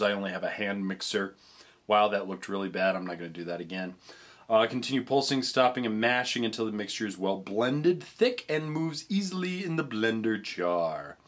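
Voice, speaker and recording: A man's voice: lowish voice, normal speed, a bit bright. A young man chatting casually in a food review vlog, rambling with frequent restarts and stumbles. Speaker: vlogger tasting treats.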